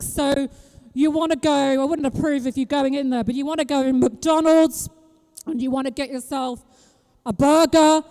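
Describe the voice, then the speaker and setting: A woman from Britain giving an impassioned street rally speech, throwing rhetorical questions at the crowd and breaking into shouts. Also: sits high, long reverb tail. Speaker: street activist speaking at a rally. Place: outdoor public square at a rally.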